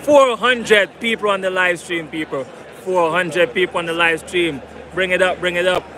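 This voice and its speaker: Here a man with a high-pitched voice speaks at a moderate pace while livestreaming a football match from among the fans in the stadium stands. Repetitive and hyping, he begs viewers for likes and subscribes during his match commentary. Behind him is the noise of a loud stadium crowd and the outdoors.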